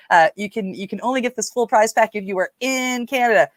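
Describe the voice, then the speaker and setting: On the high side in pitch and fairly quick, a woman with a Newfoundland accent runs a casual livestream. She chats with viewers and reads their comments aloud, leaning on lots of fillers, in a dry recording.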